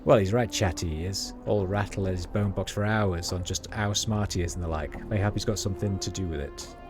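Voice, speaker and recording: A man's voice: on the low side, measured pace, over music, close to an everyday voice. A man voicing a chatty, superstitious male rat catcher, reading slangy street talk aloud with small stumbles. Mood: gossipy.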